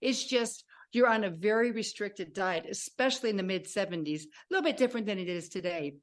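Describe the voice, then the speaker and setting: A woman in her sixties, a podcast guest telling her life story in an animated way and acting out remembered dialogue. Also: medium pitch, brisk. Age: 60s. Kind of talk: personal storytelling.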